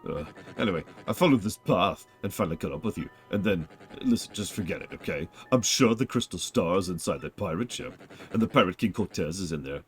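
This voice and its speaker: A man's voice: low-pitched, lively intonation, a little fast. A man voicing a pompous, nervous male adventurer from a video game, chatty and making sheepish excuses.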